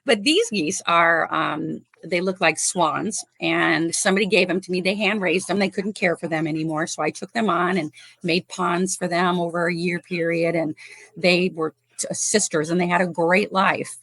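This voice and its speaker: A Chicago woman who rescues animals chats warmly on a podcast, laughing often and using many fillers. Her fairly low, creaky voice holds a steady tone at normal speed in a dry recording.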